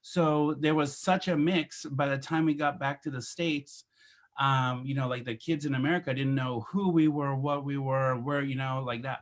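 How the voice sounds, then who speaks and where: A man's voice: mid-range voice, normal speed. A man who grew up in India, a photographer and podcast guest, telling stories in a casual interview and acting out the voices in them. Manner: animated storyteller who acts out voices in his anecdotes.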